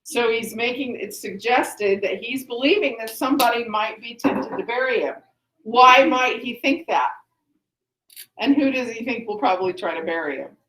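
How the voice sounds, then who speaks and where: Chatty teacher, echoey classroom. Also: female voice, on the high side, normal speed, fairly bright tone. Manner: chatty, repeats and restarts, asks the class questions. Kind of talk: classroom lesson, explaining a play.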